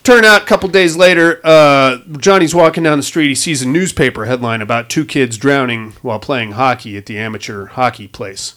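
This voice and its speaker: A man's voice: medium pitch, a little fast, hardly any pauses, a bit bright. A man casually recapping a movie plot, rambling and swearing with wisecracks. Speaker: podcast host.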